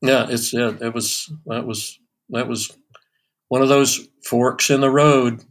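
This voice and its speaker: Guest, 60s male drummer, rambling anecdotal delivery, mid pitch. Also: slow pace. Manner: animated anecdotes with many restarts and fillers. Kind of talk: storytelling in a podcast interview.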